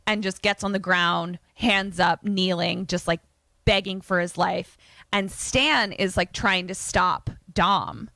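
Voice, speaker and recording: A woman podcast co-host casually retelling a horror film plot, animated and swearing freely. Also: lowish voice, unhurried, no room sound. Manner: animated, swearing, lots of fillers.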